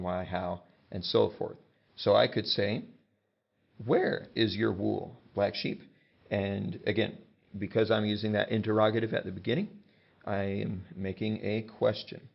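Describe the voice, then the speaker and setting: Gravelly low-voiced male teacher. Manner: patient and explanatory, with example sentences. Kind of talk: classroom grammar lesson. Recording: dull lo-fi sound.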